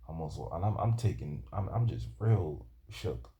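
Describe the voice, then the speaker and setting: A man telling a personal story from his youth in a halting, rambling way, often restarting his sentences. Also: low voice, animated, mellow, dull audio. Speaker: vlogger.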